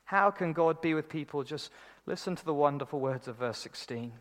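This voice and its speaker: A man's voice: fairly high pitch, a little fast, fairly bright tone. A man preaching a sermon in an earnest, conversational way, often repeating words as he starts a thought.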